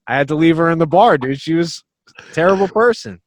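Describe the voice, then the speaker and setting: A man's voice: on the high side, lively intonation, brisk, no echo. A man appearing as a musician guest on a podcast, talking casually in a blunt, joking, profane way.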